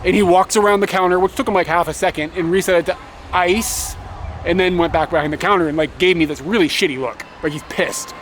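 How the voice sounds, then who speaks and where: A young man with a fairly high voice tells a story outdoors in a casual travel vlog. He talks in an animated way, swearing and laughing between complaints. Faint street noise sits behind him. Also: quick pace. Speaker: motovlogger.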